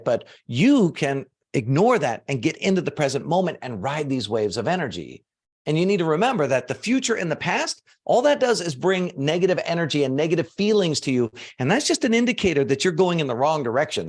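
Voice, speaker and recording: A man coaching an audience on manifestation, talking casually and swinging from soft low asides to loud emphatic bursts. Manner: casual, uses fillers like "like" and "you know". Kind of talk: motivational teaching talk to an audience.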